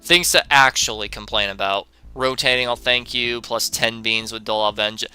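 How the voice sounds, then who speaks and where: A man's voice: mid-range voice, normal speed, bright, forceful tone, clear, resonant tone, faint music behind. A young man streaming a game, answering chat in a sarcastic, profane way and laughing often.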